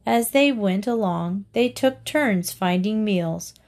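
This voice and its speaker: Woman slowly reading fables aloud. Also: mid-range voice, expressive, a little mellow. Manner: slow, deliberate reading aloud. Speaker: reader. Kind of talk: storybook narration.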